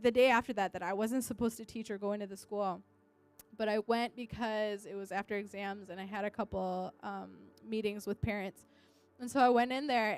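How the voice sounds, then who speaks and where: A young woman, an English teacher, earnestly sharing a personal testimony and acting out what people said. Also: a little high. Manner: earnest storytelling, acting out quotes.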